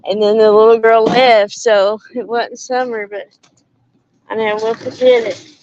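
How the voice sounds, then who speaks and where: This is a woman with a somewhat high voice who talks slowly to her live stream audience while she drives. She rambles, stops herself mid-sentence, and sounds a little short of breath. Her headset audio comes through dull and low-fidelity. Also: flat delivery, darkish tone, slight background noise. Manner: chatty, rambling, self-interrupting with laughs. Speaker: channel host. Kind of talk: casual live-stream chat with viewers. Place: in a car while driving. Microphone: headphones with mic.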